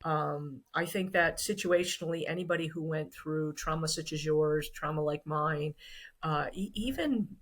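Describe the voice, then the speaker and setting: A woman's voice: low voice, normal speed. A woman guest in a casual interview, speaking earnestly and thoughtfully, often restarting her sentences. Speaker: guest author.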